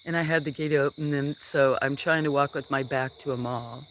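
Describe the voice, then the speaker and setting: A farm live streamer chatting outdoors at night, rambling through stories and often dropping to a hush. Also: mid-range voice, steady tone, fairly quick, slight background noise. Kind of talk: casual live-stream chat. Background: crickets chirping.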